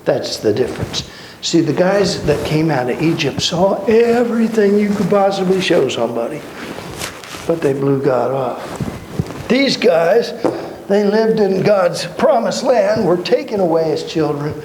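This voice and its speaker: Male Bible teacher, slightly high voice, slow and folksy, echoey noisy hall. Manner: folksy, animated storytelling with playful asides. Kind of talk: church Bible study lecture. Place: church hall. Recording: echoey hall with background noise.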